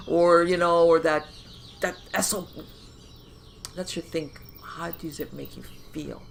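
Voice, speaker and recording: A podcast host talking in a casual interview, animated, with many fillers and restarts and acted-out inner voices. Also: medium pitch, moderate pace, slight background noise.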